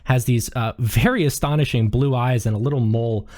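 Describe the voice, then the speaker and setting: A man's voice: mid-range voice, fairly quick, a little mellow, no echo. Casual game master man, dry sound. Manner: casual, loose, filler-heavy description. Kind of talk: narrating a tabletop game.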